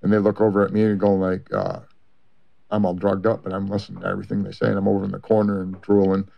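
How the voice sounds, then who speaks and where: A man with a rough, gravelly voice tells a long personal story in an interview. He stumbles through it with constant fillers and restarts. The recording is muffled and lo-fi. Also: sits low. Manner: halting, full of fillers and restarts. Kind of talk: rambling personal account.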